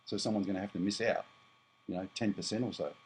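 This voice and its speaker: A man's voice: on the low side, steady tone, fast talker, a little hiss or hum, poor audio. An Australian man in his fifties, talking bluntly and rambling as he vlogs to his viewers, often correcting himself. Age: 50s. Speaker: prepper vlogger. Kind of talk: casual monologue to camera.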